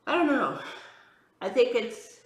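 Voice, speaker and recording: A woman's voice: fairly high pitch, big pitch swings, a little slow, roomy sound, low-quality recording. A woman tarot reader chatting casually on a vlog, rambling with lots of fillers, frank and exasperated as she talks. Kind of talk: casual chatty vlog while doing makeup.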